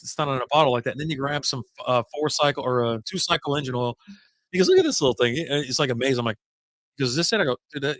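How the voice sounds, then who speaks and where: A man's voice: medium pitch, fairly bright tone, dry recording. Rambling man on a dry close mic. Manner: rambling, jumps between stories, swears casually. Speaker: podcast host. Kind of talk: casual beer chat.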